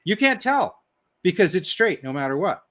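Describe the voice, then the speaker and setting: A man's voice: high-pitched, big pitch swings, normal speed, fairly bright tone. An older man, a guest engineer, telling technical stories in a rambling, self-interrupting way, blunt and sometimes swearing. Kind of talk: casual technical storytelling.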